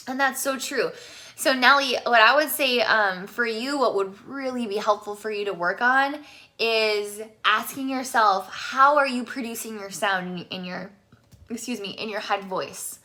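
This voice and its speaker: A woman singing teacher giving a casual live vocal lesson, chatty and quick to laugh, with allergies. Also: fairly high pitch, bright, forceful tone. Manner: chatty, laughs often, switches between speaking and singing. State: allergies, sneezing.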